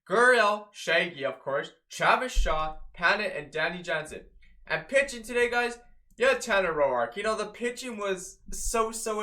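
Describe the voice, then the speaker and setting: A man giving an excitable, chatty fan recap of a baseball game, talking to viewers as a fan. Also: on the high side. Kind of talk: casual game recap vlog.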